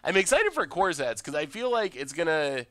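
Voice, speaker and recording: A young man casually commenting on his card game stream, chatty and excitable, reading out chat messages. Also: on the high side, moderate pace, dry recording.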